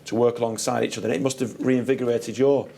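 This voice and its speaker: A man's voice: mid-range voice, fairly even intonation, quick pace, creaky, warm tone. A man hosting a stage interview, asking encouraging questions and often repeating words as he starts them. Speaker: interviewer, host.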